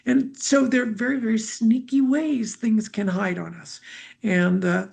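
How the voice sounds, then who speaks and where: Gravelly-voiced woman guiding a healing session. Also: on the high side, fairly even intonation, unhurried. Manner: gentle, musing, many fillers, speaks her feelings as they come. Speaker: energy healer leading a live healing session. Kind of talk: guided healing talk.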